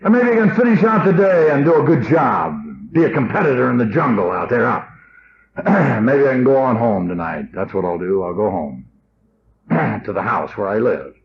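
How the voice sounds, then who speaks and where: A man's voice: mid-range voice, very animated, moderate pace. A man in his fifties giving a blunt, emotional AA talk to an audience. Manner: rough, blunt and emotional storytelling. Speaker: AA speaker. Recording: dull old cassette tape with faint hiss.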